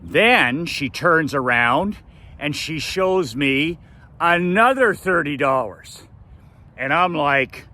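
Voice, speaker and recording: Slow, bright-voiced man telling a story. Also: on the high side, lively intonation. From Canada. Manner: emphatic, repeats phrases for effect. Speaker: business coach. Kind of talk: casual storytelling vlog.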